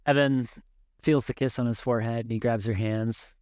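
A man's voice: mid-range voice, fairly even intonation, normal speed, darkish tone, clear, resonant tone, no room sound, clean studio sound. A man playing in a tabletop game, plainly describing his character's actions. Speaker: player.

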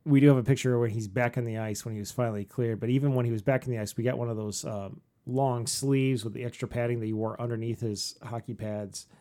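An easygoing man cohosting a podcast. He tells a family story in a relaxed way, adds dry jokes and wraps up the show. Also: medium pitch, fast talker, hardly any pauses. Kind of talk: casual chat and show outro.

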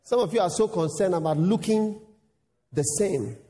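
A male pastor preaching a sermon, acting out dialogues with lively voices. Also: sits high, normal speed, long reverb tail. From Ghana. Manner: animated, acts out dialogues in voices.

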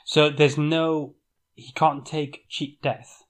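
A man's voice: on the high side, level tone, takes it slowly. A man co-hosting a casual board game podcast, easygoing, reading card text aloud and chatting. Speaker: podcast co-host.

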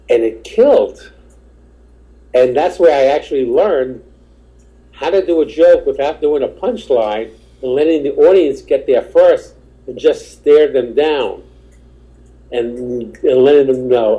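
Dark-voiced man telling comedy stories. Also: medium pitch, a little slow, pauses often, highs cut off. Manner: rambling, acts out quoted voices. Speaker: stand-up comedian, podcast guest. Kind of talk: casual anecdotal storytelling.

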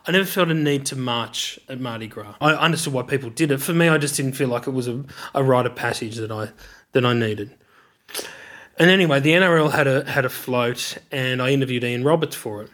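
A man's voice: mid-range voice, a little fast, fairly bright tone. A middle-aged man with an Australian accent, candidly telling his life story in an interview, reflective and searching for words.

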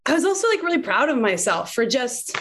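A woman in her late thirties telling a personal story in candid conversation, animated and laughing often. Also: high-pitched, brisk. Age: late 30s. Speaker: podcast guest.

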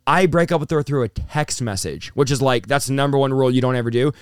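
In a clean, dry studio recording, a man in his thirties with a smooth, medium-pitched voice is interviewed about his life as a pastor and preacher. He's fast and excitable, sprinkling in plenty of "dude" and "bro."

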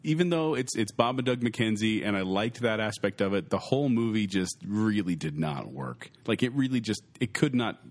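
A man's voice: lowish voice, normal speed, hardly any pauses. A man co-hosting a casual podcast, joking and bantering while ranking films. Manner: animated, joking, interrupts with running gags. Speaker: podcast co-host.

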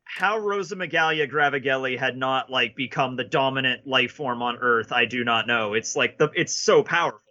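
Man, casual chat, bright and animated, slightly dull audio, dry quips. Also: medium pitch. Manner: quick reactions, dry jokes, laughs often. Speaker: podcast co-host.

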